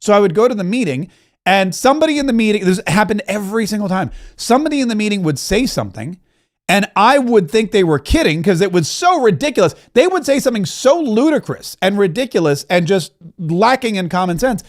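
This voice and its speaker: High-pitched guy hosting a podcast, tells stories, laughs loud, acts out quotes. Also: big pitch swings, brisk. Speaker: podcast host. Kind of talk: casual commentary.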